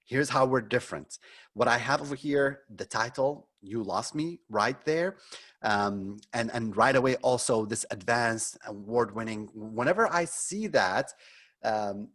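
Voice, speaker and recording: A man's voice: mid-range voice, unhurried, fairly bright tone. A middle-aged man leading a live webinar as a marketing consultant, critiquing frankly and conversationally, with many ums and restarts.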